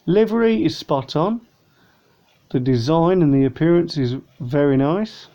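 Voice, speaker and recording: A man talks his way through a casual model plane review, rambling and a bit weary. His voice sits slightly high, with a gravelly edge and a mellow tone. The recording sounds dull and lo-fi. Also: lively intonation, unhurried. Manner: rambling, chatty, tired. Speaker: vlogger.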